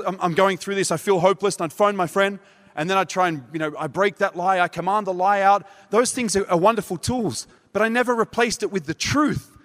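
High-voiced animated preacher in reverb. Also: male voice. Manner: animated, acts out quotes, laughs at himself. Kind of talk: sermon with storytelling. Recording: long hall reverb.

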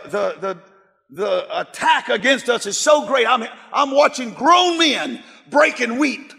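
A middle-aged man preaching a sermon, telling a story with fervent emphasis and bursts of shouting. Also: high voice, creaky. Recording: long hall reverb.

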